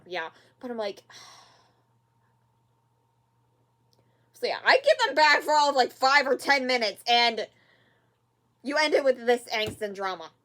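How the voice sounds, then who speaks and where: Reaction host, rambling casual talk, fillers, exasperated sighs, fairly high voice. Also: female voice, a bit bright. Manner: rambling, many fillers and repeats; exasperated, sighing at the screen.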